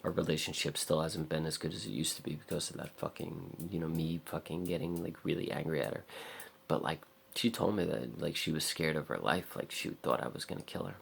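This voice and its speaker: A man's voice: rumbling low, a little fast, creaky, a little hiss or hum. A young man in a raw personal vlog, rambling and swearing in frustration. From America. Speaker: vlogger.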